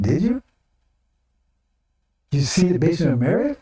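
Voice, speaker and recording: Slow and dark-toned, with a high-sitting voice and big pitch swings, an older preacher pauses often through an informal sermon broadcast. His style is rhetorical, with repeated phrases and tagged-on "right?" and "see?". The mic is distant and the room echoes.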